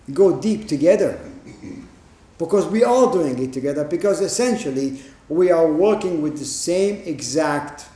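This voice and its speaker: A man gives a Zen dharma talk in a meditation hall, plain-spoken and emphatic, with rhetorical questions. His voice sits a little high and mellow. The room adds a clear echo. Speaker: Zen teacher.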